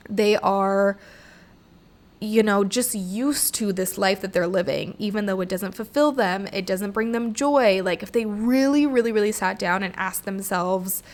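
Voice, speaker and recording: Young woman, solo podcast host; frank and emphatic, curses casually, mid-range voice. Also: mid-range voice. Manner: emphatic, swears freely, voices her own inner thoughts. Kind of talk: candid solo podcast monologue.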